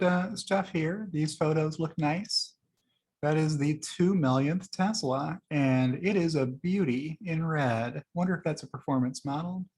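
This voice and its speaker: Host, male, higher-pitched, casual rambling commentary full of fillers. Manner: chatty and rambling, with frequent fillers. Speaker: host reviewing liked tweets. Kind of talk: casual screen-share commentary.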